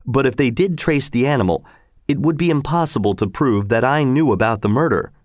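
Male narrator, audiobook reading, measured and steady, mid pitch, dry recording. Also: no echo.

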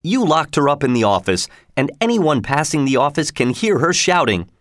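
A man's voice: on the high side, sing-song, moderate pace, dry recording, clean studio sound, voice pushed up. A man voicing a suspicious male theater secretary who presses his colleagues with insistent, accusing questions. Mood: agitated.

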